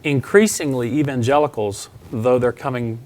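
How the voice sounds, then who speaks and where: A mid-pitched male host asks long, framing questions and sums up his guest's points. There is a faint hiss of noise behind his voice. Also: moderate pace, darkish tone. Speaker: interview host. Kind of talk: interview questions.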